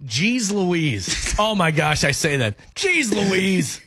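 A man's voice: high voice, sing-song, takes it slowly, sharp tone, slightly rough. A man co-hosting a radio show in casual banter, laughing often and reading listener texts aloud.

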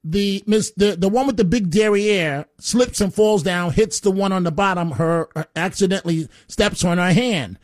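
A man's voice: high voice, moderate pace, few pauses, no room sound, clean studio sound. A man hosting a call-in talk radio show, rambling and opinionated, often stammering as he restarts his sentences.

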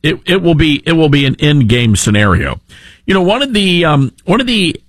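Talk radio host, male, husky, lively, emphatic, dry close mic. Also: on the high side, normal speed, no echo. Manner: animated, emphatic, with frequent restarts. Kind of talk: opinionated talk radio monologue.

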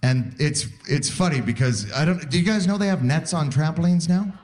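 A man's voice: fairly high pitch, brisk. A man, performing a stand-up comedy routine and acting out the voices in his stories. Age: 40s. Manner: animated storytelling, acts out voices.

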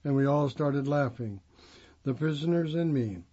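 A man's voice: medium pitch, moderate pace, warm tone, husky, highs cut off. An older man, a former prosecutor and judge turned clergyman, telling his life story and acting out the dialogue he quotes. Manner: reflective storyteller who acts out quoted dialogue. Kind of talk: first-person storytelling monologue.

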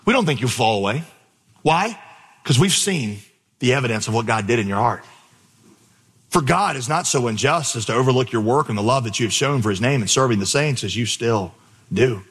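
A man's voice: medium pitch, animated, a little fast, a bit bright, breathy edge. Man preaching a sermon in a reverberant hall. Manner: storytelling, emphatic, repeats for effect. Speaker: pastor. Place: church auditorium with stage.

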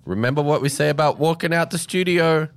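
A man's voice: fairly high pitch, fairly quick. A man hosting casual community radio, rambling and teasing his co-host. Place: radio studio.

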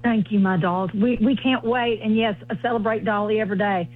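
A woman's voice: medium pitch, steady tone, brisk. A woman with a Southern US accent, a comedian chatting as a guest over the phone in a bubbly, folksy way. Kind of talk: casual chat on a phone call. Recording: tinny phone line.

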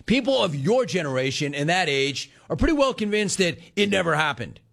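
A man's voice: fairly high pitch, sing-song, fairly quick, gravelly, fairly bright tone. A man hosting a sports talk radio show, ranting and telling stories with sarcasm, mimicking callers and his own family.

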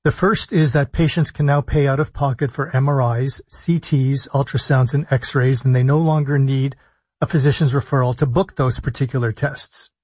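A man, a physician hosting a call-in radio health talk show, speaking deliberately and stressing his points as he lists things one by one. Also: medium pitch, steady tone, darkish tone, husky, dry recording. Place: radio studio. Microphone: studio broadcast mic. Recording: dull lo-fi radio sound.

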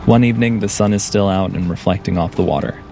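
A man narrating a documentary report as the reporter, in a measured, calm storytelling manner. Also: fairly low pitch, vocal fry, faint music behind. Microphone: studio voice-over mic.

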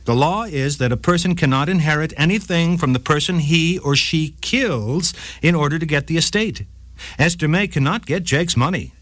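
A man's voice: a little high, moderate pace, fairly bright tone, no room sound. A man playing a stern state's attorney who firmly rebuts in court, on a radio segment. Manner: firm, formal legal tone.

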